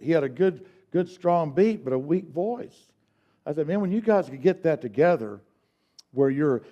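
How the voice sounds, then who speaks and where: A man's voice: fairly high pitch, dark tone. A man teaching a song leading workshop, counting beats aloud for the group to copy, in a folksy way with many restarts and repeated words. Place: church meeting room. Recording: dull lo-fi sound.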